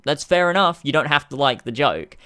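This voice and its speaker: A man's voice: fairly high pitch, lively intonation, brisk, bright, forceful tone, clean tone. A man vlogging to camera in a casual rant, swearing heavily as he grows furious. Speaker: YouTuber.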